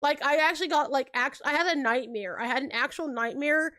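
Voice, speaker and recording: High-voiced chatty young woman streamer. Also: brisk, bright, forceful tone. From California. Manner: chatty storytelling, acts out quotes, laughs often; says like a lot. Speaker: livestream host. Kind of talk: casual livestream chat.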